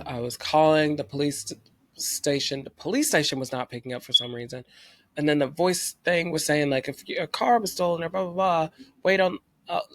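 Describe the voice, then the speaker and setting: A young man from North Carolina tells a story from his own life. He acts out what he was thinking at the time, with his voice at a middle pitch for a man. The sound is close and dry, with no room echo. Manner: animated retelling, acting out his own past thoughts. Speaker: vlogger. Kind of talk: personal storytelling.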